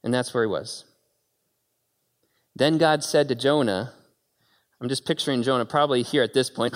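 A man preaching a sermon with animated storytelling and dramatic pauses, recorded in a church hall. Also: mid-range voice.

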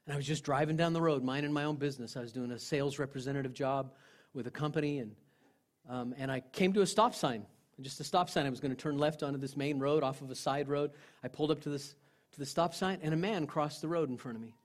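A male pastor preaching a sermon, telling personal stories in an earnest way, dropping to a hush and then rising again. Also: fairly high pitch, fast. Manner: earnest storytelling, swinging from loud to hushed.

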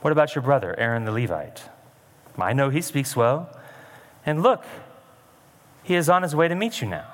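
A man voicing God in a sermon retelling, speaking in slow, measured, commanding tones. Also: expressive, big-room sound, close to an everyday voice. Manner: measured, slow, low and deliberate. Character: God, calm commanding divine male voice.

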